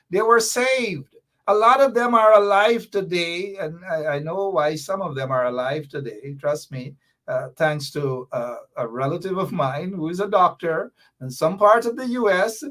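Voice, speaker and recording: A man's voice: high-pitched, fairly bright tone. A middle-aged man with a Guyanese accent, hosting a political commentary show in a fiery, sarcastic way, hammering his points with repeated jabs.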